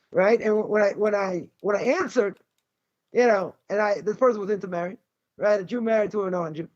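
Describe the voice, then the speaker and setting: A rabbi giving a Torah lecture, blunt, combative and sarcastic. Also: male voice, high-pitched, fairly quick, a little mellow. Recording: dull lo-fi recording.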